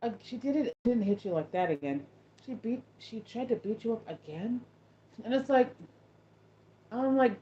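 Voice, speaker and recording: In a dull lo-fi recording, a woman hosts a relaxed chat with viewers and tells a meandering story full of restarts. Her medium-pitched voice is expressive, and her pace is moderate.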